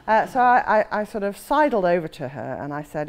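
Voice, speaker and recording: A woman's voice: medium pitch, sing-song, brisk. A woman in her forties, an author, telling a self-mocking anecdote with frequent laughter. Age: 40s. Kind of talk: anecdotal storytelling.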